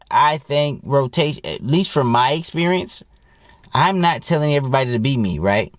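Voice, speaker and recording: A man's voice: medium pitch, no echo, studio quality. Blunt, foul-mouthed man rambling. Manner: blunt, heavily profane, rambling storyteller. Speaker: dating coach. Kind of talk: casual profane monologue to camera.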